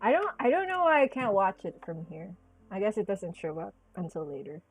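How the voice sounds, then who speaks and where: A woman's voice: mid-range voice, expressive, fairly quick, husky, faint music behind. A woman chatting casually while drawing on a live stream. She giggles a lot, swears freely, bursts into squeals, and drops Japanese exclamations into her talk.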